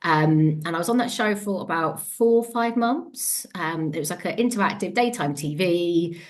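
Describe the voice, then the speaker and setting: A woman in her forties with a Devon accent speaks in a slightly low voice. She tells her story as an interview guest, chatty and animated. She often breaks off mid-sentence to start again and laughs easily. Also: normal speed. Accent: Devon English. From England. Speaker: guest, empowerment coach.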